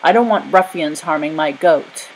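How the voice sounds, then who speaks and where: A woman's voice: sits low, normal speed, slight background noise, rough recording. A woman voicing a grumpy old man who scolds children away from his goat, in a storybook reading. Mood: angry. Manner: gruff, scolding.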